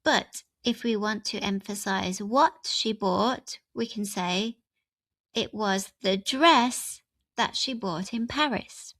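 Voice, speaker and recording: A woman's voice: medium pitch, slow, fairly bright tone, dry recording. A woman teaching an English grammar lesson, walking through example sentences step by step.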